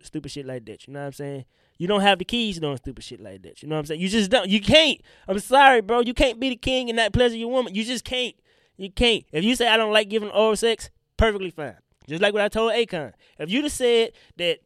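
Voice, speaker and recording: Young guy podcasting solo, stuffed-up voice but smooth and kinda high, super dry close mic, slangy and animated. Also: no room sound. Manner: loose, slangy and animated, addressing listeners directly. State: congested, throat giving out. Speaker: podcast host. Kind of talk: casual solo podcast talk.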